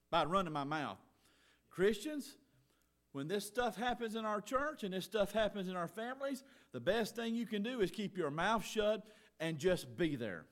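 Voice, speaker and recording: A middle-aged man preaching a sermon in church, folksy and earnest, swinging from loud exhortation to quiet asides. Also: high-pitched. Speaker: pastor.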